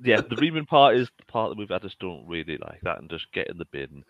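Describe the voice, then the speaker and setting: A man's voice: low voice, sing-song, quick pace, dry recording, highs cut off. A man on a casual podcast, self-deprecating and hesitant, often restarting his sentences. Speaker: podcast co-host. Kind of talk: casual chat.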